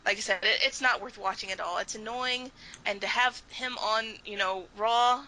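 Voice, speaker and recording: A woman's voice: medium pitch, normal speed, pushed and bright, a little hiss or hum, poor audio. A woman co-hosting a casual chat, talking bluntly and with exasperation, swearing freely. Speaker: podcast co-host.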